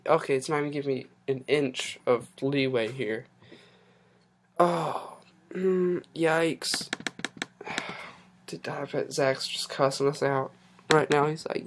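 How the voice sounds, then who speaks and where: A podcast host with a sharp-toned, medium-pitched voice talks slowly and pauses often on a casual live stream. Frustrated and flustered by technical problems, the host swears at them.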